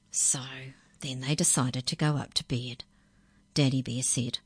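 A woman reading a children's story aloud in a gentle, patient way. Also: very deep voice, fairly even intonation, unhurried, breathy edge, no echo, clean studio sound.

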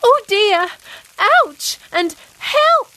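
A clever, cheeky storybook girl with a high, bright voice, as a woman puts her on. Her lines come slow and clear, with a dry, close sound. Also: big pitch swings, dry recording, heavily acted. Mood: mock alarm. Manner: high, bright and quick-witted.

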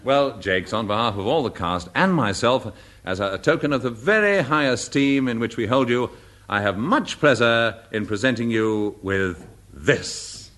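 A man's voice: medium pitch, animated, normal speed, fairly bright tone. A man hosting a vintage radio comedy show, genial and a little flustered as master of ceremonies. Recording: old noisy broadcast with studio audience.

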